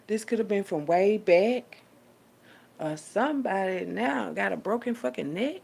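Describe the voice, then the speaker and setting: A woman delivering a profane, preachy rant as a little sermon, swinging between hushed asides and loud outbursts. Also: mid-range voice, lively intonation, unhurried, vocal fry, breathy edge. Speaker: vlogger giving a street sermon.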